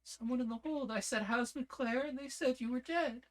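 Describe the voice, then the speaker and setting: A man voicing a shaken young woman pilot who speaks in a breathless, pleading way. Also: normal speed. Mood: shocked. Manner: breathless, pleading, high-pitched.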